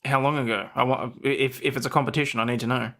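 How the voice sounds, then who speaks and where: A man's voice: medium pitch, fairly even intonation, fast, a bit bright. A man co-hosting a casual livestream chat, joking and teasing.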